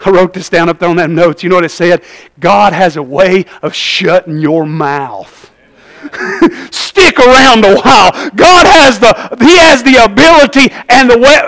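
A man preaching a sermon as pastor, shifting from low conversational asides to shouted, fervent passages. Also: expressive, measured pace, gravelly, rough recording.

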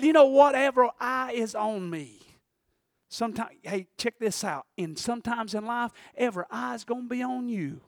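A male pastor preaching a sermon in an animated style. He calls for amens, shouts, then drops to a quiet, intimate tone. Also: very high voice, no echo, clean studio sound.

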